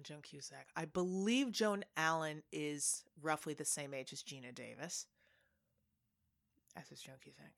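A woman co-hosting a podcast, chatting casually and at length about actors and performances. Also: sits low. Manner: chatty, talks with many fillers and restarts. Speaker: podcast co-host. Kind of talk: casual movie chat.

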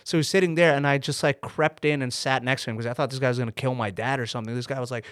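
Young guy from Canada, Urdu native, animated swearing storyteller, dry close sound. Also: medium pitch, racing, no room sound. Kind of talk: casual chat.

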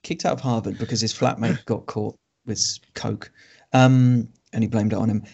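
A man co-hosting a film podcast, reviewing a movie in a dry, sardonic way with many pauses and ums. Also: lowish voice, steady tone, creaky, darkish tone, husky. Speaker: podcast co-host reviewing films. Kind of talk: casual film review chat. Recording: dull lo-fi podcast audio.

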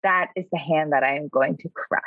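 A woman player in a tabletop role-playing game speaks in a brisk, matter-of-fact way. Her low voice comes through a dull, lo-fi microphone. The sound is dry, with no room echo. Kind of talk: casual tabletop play.

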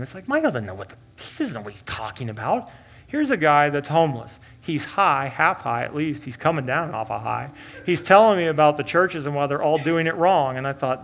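Male pastor, storytelling sermon, fairly high voice. Animated, loud to hushed and earnest. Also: normal speed. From Oklahoma.

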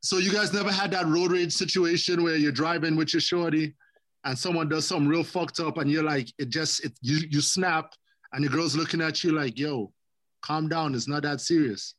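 A man co-hosting a podcast, relaxed and slangy, swearing often in casual chat. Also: on the high side, brisk, no room sound. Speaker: podcast co-host.

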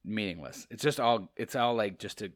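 A man's voice: on the low side, normal speed. A man hosting a podcast, casually reading aloud and commenting with profanity and frequent laughter. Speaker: podcast host. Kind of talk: comedic read-along with commentary.

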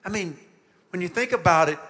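A man preaching a children's sermon, telling the story with lively emphasis and asking the listeners questions. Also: sits high, fairly quick, in a large hall, slight background noise. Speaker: pastor.

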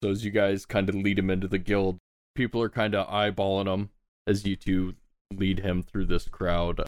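Low-voiced man narrating a tabletop game. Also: little pitch movement, normal speed, clean tone, no echo, studio quality. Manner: loose, laid-back narration with casual swearing. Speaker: game master.

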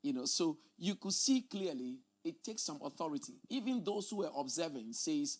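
A man's voice: fairly high pitch, big pitch swings, moderate pace, few pauses. A man preaching a teaching sermon, explaining scripture emphatically and often repeating his words.

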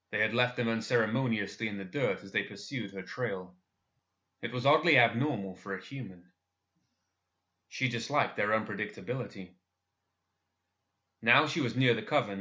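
A man narrating a dark fantasy story in a measured, expressive audiobook style. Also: on the low side, highs cut off.

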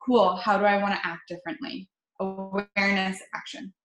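A woman's voice: mid-range voice, little pitch movement, normal speed, echoey room, over music, low-quality recording. A woman talking in an upbeat, chatty way, full of "like" fillers. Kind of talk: casual conversation.

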